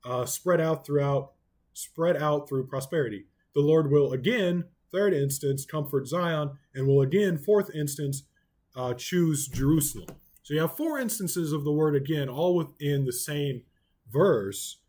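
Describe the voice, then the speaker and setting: A man with an Oklahoma accent teaching a Bible study in a relaxed, conversational way, full of ums and you-knows. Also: fairly high pitch, husky.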